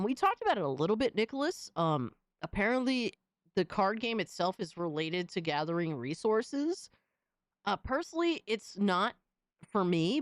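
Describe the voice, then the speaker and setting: A woman's voice: lowish voice, no echo. A young adult woman hosting a live stream in casual chat. She swears freely and coos at her cat.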